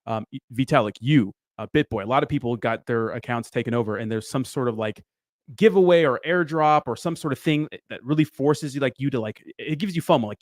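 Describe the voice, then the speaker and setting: Quick-talking man, casual co-host. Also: mid-range voice, no room sound. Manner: agreeable, quick to chime in. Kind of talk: casual podcast chat.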